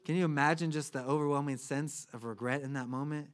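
A man's voice: on the high side, quick pace. A man preaching a sermon as pastor, telling a Bible story with humor and checking in often with "right?". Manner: animated, humorous storytelling with many "right?" tags.

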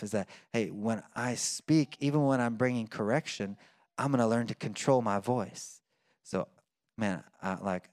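Conversational preacher, dry sound. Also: male voice, fairly low pitch, no room sound. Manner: conversational preaching with fillers and restarts. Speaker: pastor. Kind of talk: sermon.

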